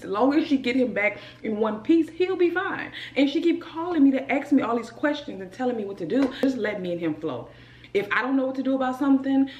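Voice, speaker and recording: A young woman's fairly high voice rings out in a reverberant room, with the high frequencies cut off. Vlogging from home with a Southern accent from around New Orleans, she chats animatedly and calls her audience "y'all" and "child."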